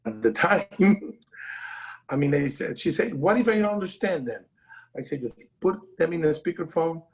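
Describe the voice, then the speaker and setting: A man telling his business story in halting English with a non-native accent, pausing and restarting often. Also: mid-range voice, darkish tone, low-quality recording. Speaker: guest business owner. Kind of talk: casual storytelling.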